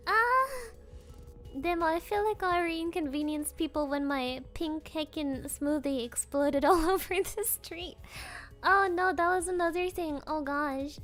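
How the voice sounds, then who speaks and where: A young woman with a very high voice chats with her stream audience in an unhurried way. Her stories ramble and are full of fillers and giggles. Faint music plays behind her. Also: a bit bright. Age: young adult. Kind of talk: casual chat with viewers.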